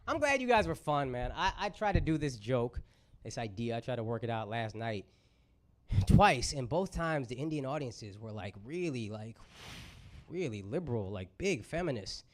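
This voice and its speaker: A man's voice: medium pitch, big pitch swings, moderate pace. A man doing a brash, profane stand-up set with crowd work, in his thirties. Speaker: stand-up comedian. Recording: live club set, audience laughter. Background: crowd laughter.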